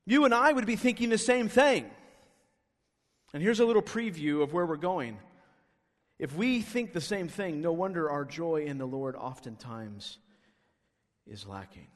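High-voiced pastor preaching in a hall. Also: male voice, expressive, measured pace. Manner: emphatic, rhetorical questioning. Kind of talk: sermon. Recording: long reverb of a hall.

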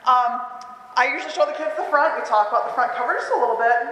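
A woman teacher explaining how she reads picture books to children, in an animated, enthusiastic way, in a roomy hall. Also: fairly high pitch, very fast, slight background noise. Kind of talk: picture book read-aloud workshop. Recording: roomy hall with long echo.

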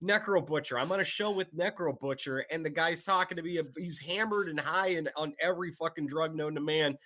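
Bright-voiced man cracking crude jokes. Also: on the high side, fairly quick, slight background noise. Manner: crude, profane joking. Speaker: podcast co-host. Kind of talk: casual chat.

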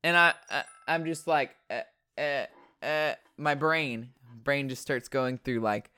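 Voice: medium pitch, slow, clean tone, no echo. A podcast host rants and rambles through a story from the desk, cursing freely and tripping over their own restarts. The sound is close and dry, and the voice sits in a middle register. It has the easy, unpolished feel of a solo show recorded at home. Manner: profane, ranting storyteller; animated, fillers and restarts. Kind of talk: casual rambling monologue. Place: at a desk indoors.

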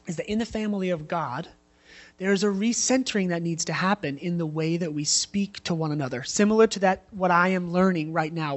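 A man in his thirties preaching a sermon in a conversational way, telling personal stories with frequent asides. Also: high voice. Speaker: pastor.

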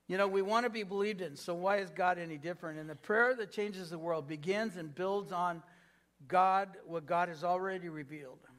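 A man's voice: high-pitched, fairly bright tone. A man preaching a sermon as pastor, asking the congregation to repeat phrases after him. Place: church sanctuary.

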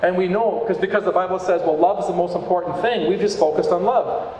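Preaching a sermon to his congregation, this pastor has a fairly high, darkish-toned voice and a brisk, earnest, conversational delivery. A long reverb from the large hall trails each phrase, with faint room ambience and slight background noise beneath.

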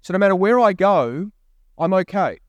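A man's voice: high voice, lively intonation, normal speed, no echo, highs cut off. A man preaching a sermon as a pastor, repeating key phrases and asking rising questions. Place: church.

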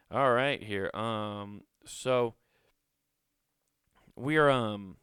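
A man's voice: fairly low pitch, a bit bright, smooth, no room sound, clean studio sound. A man in his thirties hosting a podcast, rambling casually, swearing and joking at himself. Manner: rambling, swearing, self-mocking. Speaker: podcast host.

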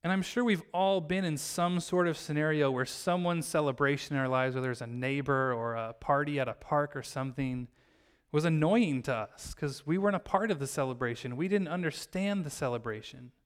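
A man gives a sermon with a fairly high, smooth and resonant voice. He talks in a relaxed, chatty storytelling way and breaks into the characters' lines with bursts of energy. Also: a little fast. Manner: storytelling, acts out the characters' lines with lively shifts. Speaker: pastor.

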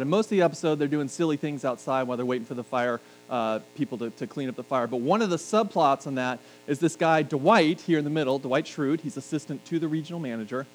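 Through poor audio and a faint mains hum, a middle-aged pastor with a somewhat high voice delivers a sermon. His style is conversational, with joking asides aimed at the congregation.

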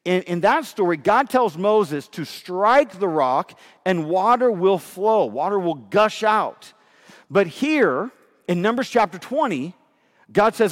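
A male pastor delivering an emphatic, animated sermon, often repeating his phrases for weight. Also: sits high, slow pace, long reverb tail.

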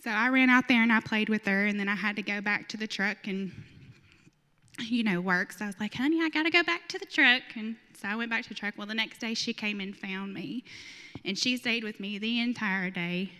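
Lady giving a heartfelt church testimony, bright voice, echoey hall. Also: medium pitch, fairly even intonation, brisk, smooth. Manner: emotional, earnest storytelling with laughs. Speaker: church mission volunteer. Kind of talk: personal testimony to a congregation.

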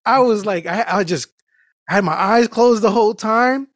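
A man's voice: sits high, normal speed, dry recording, studio quality. Profane, rambling man telling stories. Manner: loose and profane, peppers talk with "dude"; animated storytelling with many restarts. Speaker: podcast host. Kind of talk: casual chat, rambling anecdote.

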